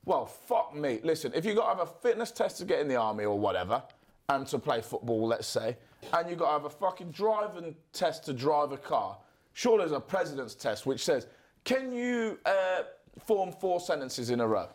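A man in loose podcast banter, his pitch swinging widely as he gets worked up. He swears freely and keeps slipping into quick mock voices. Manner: sweary, animated, jumps between impressions. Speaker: podcast co-host.

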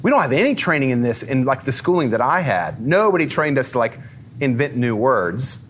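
A man giving a lively, conversational talk to a live audience, peppering his speech with fillers and questions for the crowd. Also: medium pitch, brisk, slight background noise.

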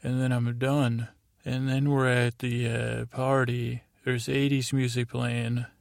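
A man's voice: medium pitch, level tone, takes it slowly, vocal fry, dry recording, clean studio sound. A man hosting a sleep podcast, rambling through a show recap in a meandering, self-deprecating way. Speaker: podcast host.

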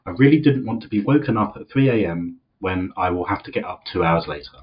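A young man with a low, expressive voice co-hosts a podcast, briskly reading a post aloud in a jokey way and laughing often. The audio is dull and lo-fi, picked up by the wrong microphone.

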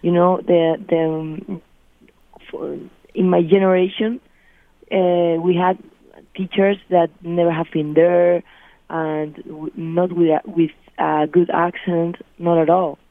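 A woman from Spain with a Spanish accent, a native Spanish speaker, guesting on a radio interview and speaking halting English with many restarts as she searches for words. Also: lowish voice, steady tone, no room sound, narrow, tinny audio.

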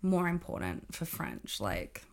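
Gravelly Australian woman, laid-back chat. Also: deep voice, very animated, a little slow. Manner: laid-back, many short agreements and fillers. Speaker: podcast co-host. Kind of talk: casual chat.

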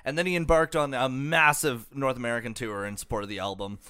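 A man's voice: mid-range voice, fairly even intonation, fast, bright, forceful tone, smooth. Profane man reciting band history. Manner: profane, filler-heavy storytelling. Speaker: podcast co-host. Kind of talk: casual chat, reading band history.

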